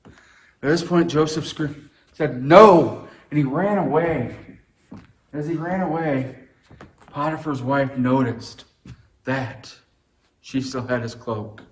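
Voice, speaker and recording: A missionary teacher telling a Bible story to children in an animated, expressive way. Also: male voice, mid-range voice, takes it slowly, long pauses.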